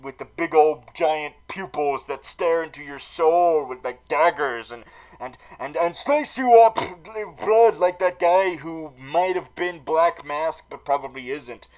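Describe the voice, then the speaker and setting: A man's voice: fairly high pitch, measured pace, a little mellow, poor audio. A man hosting a comic recap vlog, rambling and profane with many fillers and restarts. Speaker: comedy vlogger in villain persona.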